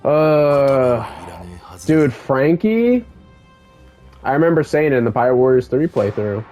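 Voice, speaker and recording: Excitable young man commentating a game. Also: mid-range voice, unhurried, faint music behind. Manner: excitable, swears casually, fan enthusiasm. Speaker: gaming YouTuber. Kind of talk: casual gameplay commentary.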